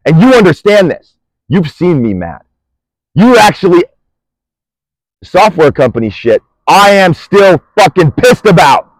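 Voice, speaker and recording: Furious high-pitched man ranting outdoors. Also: big pitch swings, measured pace, pauses often, no room sound, poor audio. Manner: furious, profane, threatening, swings between shouting and muttering. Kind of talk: angry direct-to-camera rant. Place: outdoors on a busy street.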